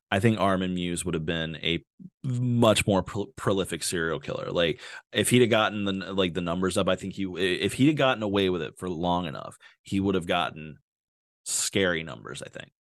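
A man's voice: low voice, no room sound. Podcast guy riffing and rambling, swears a lot, very dry close mic sound. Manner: rambling, joking, lots of filler and swearing. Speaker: podcast host. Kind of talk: comedic true-crime podcast chat.

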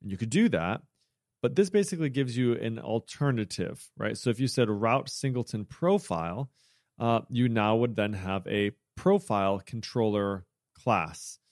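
A man's voice: on the low side, expressive, moderate pace, darkish tone, no echo. Chatty man explaining code, dry mic. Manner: chatty, self-correcting, jokey asides. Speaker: podcast host. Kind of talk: casual technical chat.

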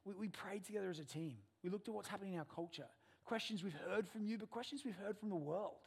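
A man in his thirties, a pastor preaching a sermon in a church and telling animated stories. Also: high voice, fast talker, creaky, slightly rough. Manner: animated storyteller, acts out family dialogue.

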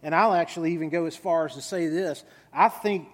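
A man's voice: fairly high pitch, a little fast. A man preaching a sermon as pastor, in a conversational storytelling manner with some fillers. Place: large church hall. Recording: reverberant hall.

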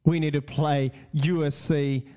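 A man's voice: fairly high pitch, level tone, measured pace, warm tone, smooth. A man hosting a casual solo podcast, rambling, swearing and repeating his words. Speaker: podcast host.

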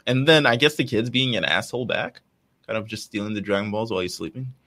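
A man co-hosting a casual fan podcast, laid-back and quick to laugh as he retells scenes. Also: fairly low pitch, bright, forceful tone. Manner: laid-back, laughs often, acts out characters' lines. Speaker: podcast co-host.

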